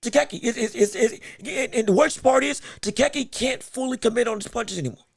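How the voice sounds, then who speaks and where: A male podcast host giving live watch-along commentary on a fight, excitable and emphatic, shouting encouragement with a strained voice. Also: very high voice, a little fast, gravelly, breathy edge, no room sound, studio quality. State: straining his voice.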